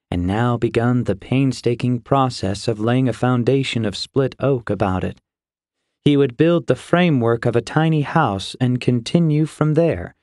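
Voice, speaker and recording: A man reading a fantasy novel aloud in a steady, measured storytelling voice. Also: medium pitch, dry recording, studio quality. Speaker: audiobook narrator. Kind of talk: scripted fantasy narration.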